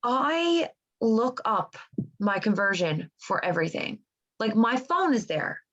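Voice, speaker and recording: A woman co-hosting a casual podcast chat, animated and cursing often, full of "like" and restarts, on dull lo-fi audio. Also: a little high, slow pace. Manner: animated, swears often, lots of "like". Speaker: podcast co-host.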